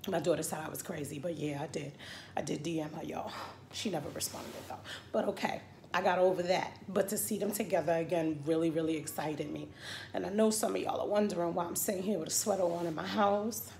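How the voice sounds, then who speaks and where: A middle-aged woman chatting casually to camera from her home, sassy and animated, sliding from murmured asides into loud rants. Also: on the low side, brisk, gravelly, slight background noise. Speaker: vlogger. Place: at home indoors. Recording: echoey room with faint ambience.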